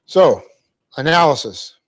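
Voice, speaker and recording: A man teaching a Bible class, dictating the verse and its punctuation slowly and adding joking asides. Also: a little high, big pitch swings. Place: church classroom.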